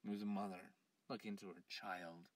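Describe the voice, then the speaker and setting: A man telling a scary first-person story, acting out the other people's lines and swinging between hushed whispers and frantic shouts. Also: sits low, flat delivery, moderate pace, no echo, far from the mic.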